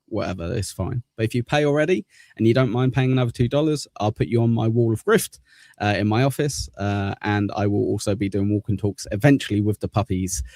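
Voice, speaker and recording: A man's voice: lowish voice, creaky, a little mellow, no room sound, studio quality. A man hosting a livestream, chatting casually as he thanks channel members, rambling and self-deprecating. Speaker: livestream host.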